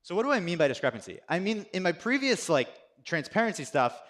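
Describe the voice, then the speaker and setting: A man's voice: sits high, big pitch swings, fast, a bit bright. Young engineer guy on stage, casual talk, says like a lot, pokes fun at himself. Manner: chatty, self-deprecating, heavy use of "like". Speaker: software engineer giving a tech talk. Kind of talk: casual conference presentation. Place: conference stage.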